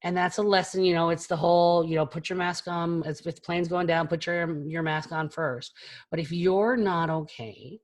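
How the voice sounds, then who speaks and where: A woman's voice: on the low side, fairly even intonation, moderate pace. Frank, chatty woman speaking on a video call. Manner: frank, chatty, swears casually. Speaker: keynote speaker. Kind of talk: candid talk to an online audience.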